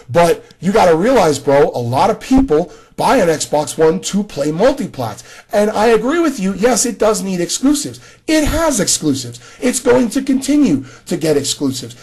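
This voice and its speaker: Husky-voiced man ranting about games. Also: high-pitched, darkish tone. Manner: conversational, frequent restarts, addresses another creator directly. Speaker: gaming commentator. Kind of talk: casual video response rant.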